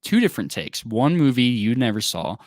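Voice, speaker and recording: A man's voice: medium pitch, very animated, fairly quick, no echo, studio quality. A man co-hosting a casual film review podcast, talking enthusiastically with plenty of fillers. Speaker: podcast co-host.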